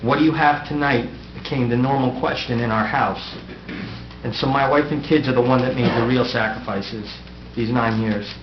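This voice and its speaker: A middle-aged man, the departing mayor, gives a prepared goodbye speech at the council dais, his humor dry and self-mocking. His voice is medium-pitched and steady at normal speed, recorded in a noisy, echoey room that sounds dull.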